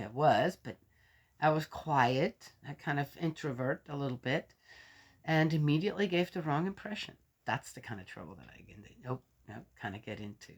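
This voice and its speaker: Sharing a story and a blessing in casual, rambling chat with her viewers, an older faith vlogger speaks in a low, slightly rough voice.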